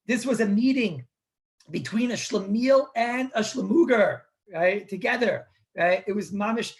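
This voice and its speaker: A rabbi teaches an informal live online class on Jewish law, speaking conversationally in a high voice and a little slowly. He repeats words and frequently clears his throat.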